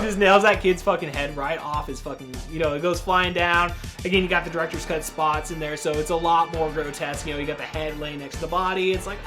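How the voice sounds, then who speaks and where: A man hosting a podcast, casually recapping a horror movie in a rambling, profane way, full of "dude" and quick acted-out quotes. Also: high-pitched, fairly even intonation, fairly bright tone, soft background music. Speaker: podcast host reviewing a horror film.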